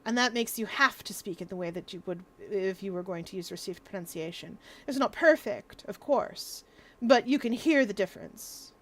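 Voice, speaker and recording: A woman's voice: mid-range voice, moderate pace, a bit bright. A young woman streaming from home, chatting casually and explaining things at length, laughing often. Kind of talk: casual livestream chat.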